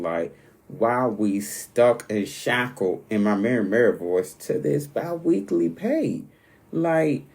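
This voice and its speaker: A man talks alone into his podcast mic, rambling through stories in a loose, casual way. His voice sits at an ordinary middle pitch but leaps up suddenly when he gets worked up. The delivery is animated and unscripted. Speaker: podcast host. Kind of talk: casual solo podcast monologue.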